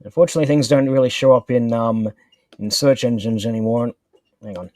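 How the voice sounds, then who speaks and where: A man talking as a guest on a video call, halting with many fillers while he searches for things. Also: mid-range voice, fairly even intonation, darkish tone, no room sound. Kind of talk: casual video-call chat. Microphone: home computer mic on a call.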